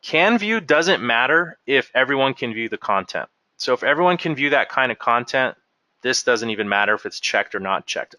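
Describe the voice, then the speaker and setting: Guy doing a software training walkthrough, bright punchy voice, dry close sound. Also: medium pitch, no echo. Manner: explains step by step while clicking through. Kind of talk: screen-share software walkthrough.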